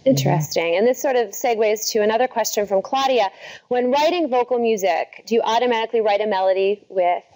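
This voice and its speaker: A woman's voice: a little high, expressive, quick pace, darkish tone, rough recording. A woman moderating a live interview, reading out viewer questions in an upbeat way.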